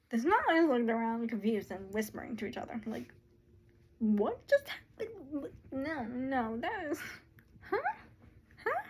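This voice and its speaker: A woman reads out her own story in a relaxed, casual way, often wandering off into chatty asides. Her voice sits a little high, and a faint hiss runs underneath. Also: low-quality recording.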